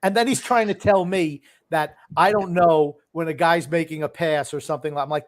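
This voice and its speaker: An older man co-hosting a podcast, grumpy and opinionated, quick to correct people. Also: fairly high pitch, steady tone. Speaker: podcast co-host. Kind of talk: casual podcast chat.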